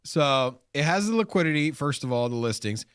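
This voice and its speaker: A man's voice: a little high, a little fast, clean tone, dry recording. Guy co-hosting a crypto chat, rambles a lot, voice jumps all over, dry close sound. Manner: animated, rambling with restarts and fillers. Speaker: crypto show co-host. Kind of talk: casual chat.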